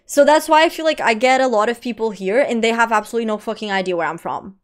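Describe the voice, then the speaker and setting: A young woman with a light Portuguese accent and a fairly high voice, chatting away on a live stream. She talks in a loose, rambling way, laughs often and swears without a second thought. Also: fast. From Portugal, Lisbon. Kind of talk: casual live-stream chat.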